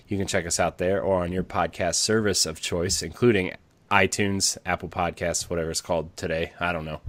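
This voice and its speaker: A man's voice: deep voice, fairly bright tone, no echo. A man hosting a casual podcast, talking loosely with lots of fillers and restarts. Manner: rambling with many fillers and restarts. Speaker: podcast host.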